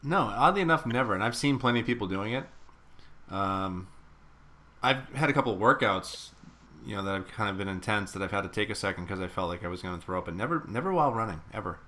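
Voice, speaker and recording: A man co-hosting a running podcast, telling stories in a chatty way and repeating words when excited. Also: fairly low pitch, quick pace. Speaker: podcast co-host. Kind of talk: casual chat.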